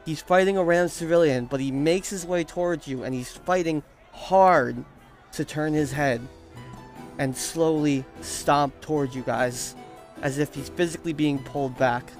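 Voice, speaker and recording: A man narrating a tabletop game as its game master, loose and casual, with quick jokes. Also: on the high side, faint music behind.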